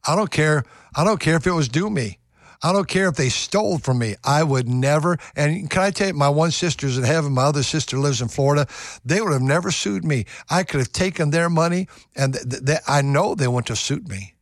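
A man's voice: on the high side, expressive, moderate pace, no echo, faint music behind. A man preaching a radio sermon, reading scripture and commenting earnestly, often repeating words as he gets stirred up. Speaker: pastor.

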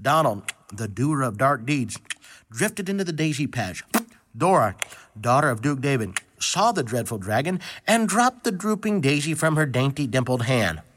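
A man's voice: medium pitch, big pitch swings, moderate pace, fairly bright tone. A man reading a children's story aloud with a playful, tongue-twisting delivery.

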